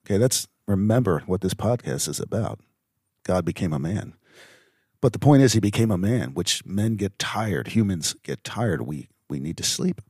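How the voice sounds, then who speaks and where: A middle-aged man hosting a reflective faith podcast, speaking earnestly and haltingly with many fillers. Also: sits low, expressive, darkish tone, slightly rough, no echo, studio quality. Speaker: podcast host.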